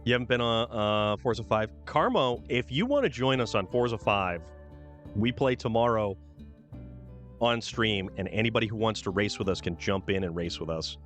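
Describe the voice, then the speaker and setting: A game streamer with a lowish, somewhat bright voice and lively intonation chats casually at normal speed. Soft music plays behind him while he reads out the details of various trucks.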